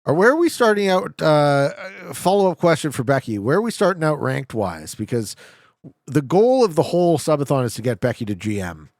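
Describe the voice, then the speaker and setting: A Canadian man with a fairly high voice talks fairly quickly during a live game stream. Swearing, excitable, and joking with viewers, he gets fired up over his guesses, and the studio-quality recording has no echo.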